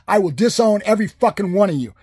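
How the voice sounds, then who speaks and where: An enraged man in his sixties rants and swears without letup, his voice high and husky. The sound is dry and close, with no room around it. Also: expressive, fast talker, no echo. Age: 60s. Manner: furious, shouting, heavy swearing. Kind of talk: angry political rant.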